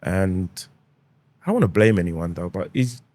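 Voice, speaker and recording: A man's voice: low voice, normal speed, darkish tone, dry recording. A man, a podcast guest, chatting in a laid-back, rambling way with many restarts. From Jamaica. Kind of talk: casual interview chat.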